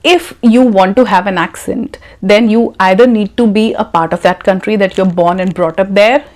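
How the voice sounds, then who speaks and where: A woman's voice: medium pitch, darkish tone. A woman, coaching her viewers on in a direct, lecturing manner full of rhetorical questions. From India. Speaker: YouTube English coach. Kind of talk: advice talk to camera.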